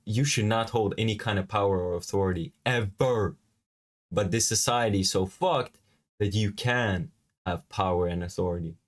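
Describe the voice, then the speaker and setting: A man hosting a reaction video, ranting in a rambling, heavily profane, agitated way with many restarts. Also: lowish voice.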